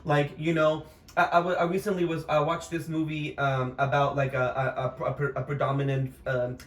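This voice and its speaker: A man's voice: fairly high pitch, flat delivery, moderate pace. A man in his twenties with an American accent, co-hosting a podcast in casual chat, campy and dramatic, swearing freely. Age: 20s. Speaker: podcast co-host. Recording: echoey room, far from mic, faint noise.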